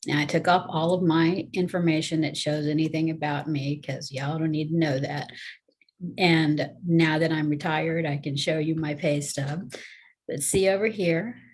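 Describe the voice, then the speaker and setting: A retired teacher, explaining things step by step in a chatty, folksy way during a casual video lesson recorded at home. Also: female voice, deep voice, fairly even intonation, normal speed, husky.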